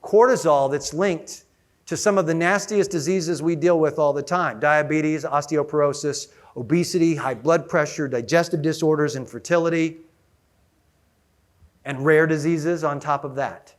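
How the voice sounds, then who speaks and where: Man, keynote speaker, fairly high voice, energetic, asks the room questions. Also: normal speed. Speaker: conference speaker. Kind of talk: conference keynote talk. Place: conference room with audience.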